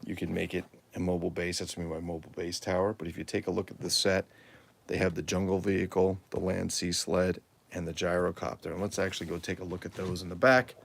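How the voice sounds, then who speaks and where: Man, gravelly voice, live-stream host, enthusiastic show-and-tell, rambling. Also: low-pitched, little pitch movement, fast talker.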